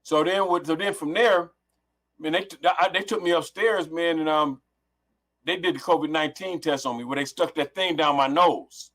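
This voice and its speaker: A middle-aged man from Los Angeles tells a long story as a guest on a call, speaking through a headset. His voice sits somewhat high for a man, and he rambles, restarts his sentences and drops profanity freely. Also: steady tone, moderate pace, fairly bright tone. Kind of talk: casual storytelling on a remote call.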